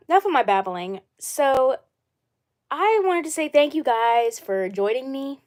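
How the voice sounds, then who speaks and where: A woman's voice: mid-range voice, a little mellow. A woman hosting her own live stream in a casual chat, rambling and repeating herself often. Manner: rambling and repetitive. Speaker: channel host.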